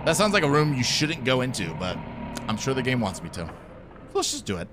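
A man's voice: medium pitch, wildly swooping pitch, brisk. Nervous guy playing a horror game, voice swings way up and down, noisy hum behind. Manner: jumpy, nervous, wisecracking. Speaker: gaming streamer. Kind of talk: horror game let's play commentary.

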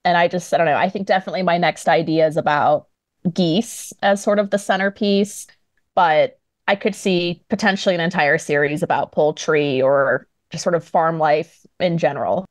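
Guest author, woman, lower voice, chatty and giggly, close dry mic. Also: normal speed, dry recording. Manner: chatty, laughs often, lots of "like". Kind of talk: casual podcast chat.

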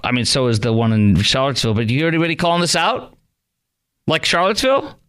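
Middle-aged guy hosting call-in radio, fired up, keeps asking the audience stuff, average pitch. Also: fast talker, a bit bright, clear, resonant tone. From Chicago. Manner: impassioned, indignant, many rhetorical questions. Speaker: talk radio host.

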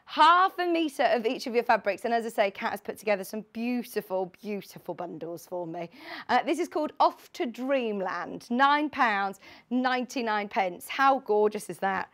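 A woman in her late twenties presenting a live sewing shopping show from a studio, chatty, bubbly and excitable. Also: fairly high pitch, moderate pace. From United Kingdom. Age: late 20s.

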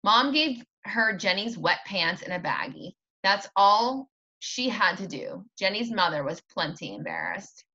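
A woman teacher reading a children's chapter book aloud with expressive storytelling. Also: mid-range voice, unhurried, husky. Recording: dull lo-fi recording.

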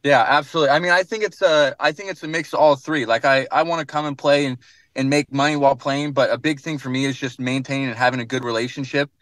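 A young American man with an easygoing, friendly way of talking, his voice sitting at an ordinary middle pitch. He speaks from his car, and the sound is dry and close with no room echo. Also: steady tone, fast, a bit bright. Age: young adult. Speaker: guest basketball player. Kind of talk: radio interview from afar.

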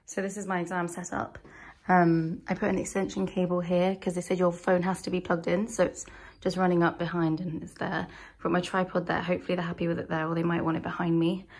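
A woman's voice: lowish voice, little pitch movement, a little fast, hardly any pauses. Chatty young woman vlogging. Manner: chatty, rambling, self-deprecating. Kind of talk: casual vlog chat. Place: bedroom at home.

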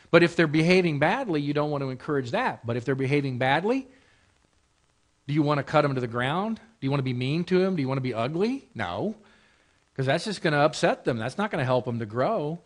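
A married man preaching as pastor in a conversational way, repeating phrases and asking rhetorical questions. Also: fairly high pitch. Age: adult, married. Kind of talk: sermon in a Bible class.

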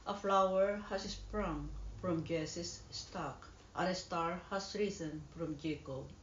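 A reader giving prayer antiphons in a slow, steady way. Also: medium pitch, a little hiss or hum. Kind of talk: liturgical recitation. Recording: echoey, dull room sound.

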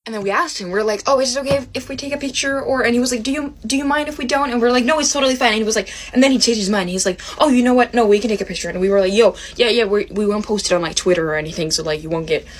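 A young woman excitedly telling a storytime about meeting someone, rambling with lots of "like". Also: on the high side, rapid-fire, few pauses. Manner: giddy, rambling, heavy use of "like". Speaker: vlogger.

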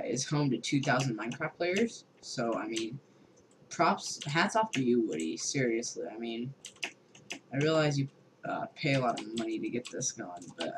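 A man's voice: mid-range voice, noisy background. Rambling sarcastic young man gaming. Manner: rambling, sarcastic, heavy filler words, swears a lot. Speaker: gamer. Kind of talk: casual gameplay commentary.

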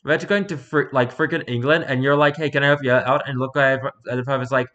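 A man's voice: medium pitch, fairly even intonation, fast, few pauses, sharp tone. A man reading online posts aloud as a streamer, with sarcastic, mocking asides in casual commentary. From Pacific Northwest.

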